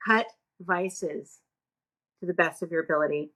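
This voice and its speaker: A woman's voice: fairly low pitch, normal speed, a bit bright. Earnest woman co-hosting a podcast. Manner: earnest, advice-giving. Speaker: podcast co-host. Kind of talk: casual podcast conversation.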